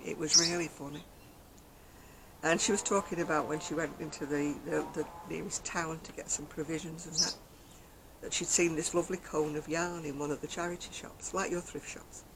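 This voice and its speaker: At a moderate pace, a low-voiced English woman with vocal fry chats about crochet in a casual vlog over a noisy background. Sitting out on her garden deck, she tells rambling stories and laughs a lot.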